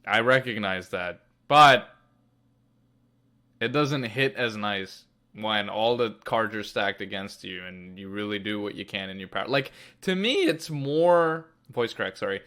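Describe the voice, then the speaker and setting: A man's voice: fairly low pitch, steady tone, unhurried, pushed and bright. A man co-hosting a casual podcast, giving earnest, emphatic advice. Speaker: podcast co-host.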